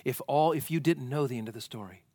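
A pastor preaching a sermon, asking rhetorical questions and swinging from loud emphasis to hushed tones. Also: male voice, medium pitch, quick pace, no echo.

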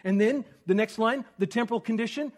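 A man preaching an expository sermon, teaching with rhetorical questions and swinging from emphatic stress to hushed, near-whispered points. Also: high-pitched, brisk. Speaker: pastor.

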